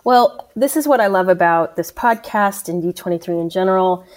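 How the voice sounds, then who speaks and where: A woman's voice: on the low side, normal speed. A woman from Indiana, a guest on a podcast, telling her story with enthusiasm. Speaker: studio communications executive, guest. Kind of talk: casual interview.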